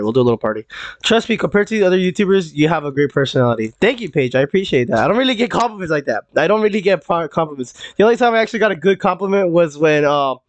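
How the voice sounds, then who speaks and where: A man's voice: a little high, no echo. A young man streaming a game live, chatting loosely with many fillers, restarts and repeated words. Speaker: gaming streamer. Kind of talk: casual live-stream chat while gaming.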